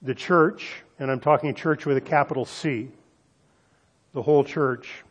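A male pastor delivering a sermon in a medium-pitched voice. He drags out the phrases he wants to land, then moves on in a conversational tone. He speaks straight to his listeners with asides and questions. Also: lo-fi sound. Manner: emphatic preaching with slowed, stressed phrases and audience asides.

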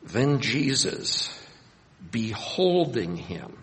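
A man preaching a Bible sermon, animated, acting out scenes and raising his voice for emphasis. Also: medium pitch, extremely slow. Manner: animated, acts out scenes with rising voice. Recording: long hall reverb.

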